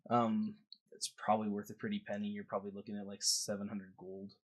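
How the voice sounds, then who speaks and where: A man's voice: on the low side, completely flat delivery, fairly quick. A man narrating as game master of a tabletop game, laughing often and rambling loosely.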